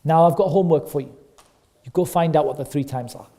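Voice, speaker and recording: Male teacher for a kids' class: high-pitched, soft mellow tone, animated storyteller who repeats himself and questions the children. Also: quick pace.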